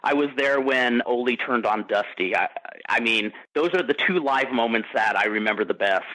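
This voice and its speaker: A man in casual chat, telling lively stories on a podcast and laughing at his own tales. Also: mid-range voice, normal speed, rough recording. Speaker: podcast roundtable guest.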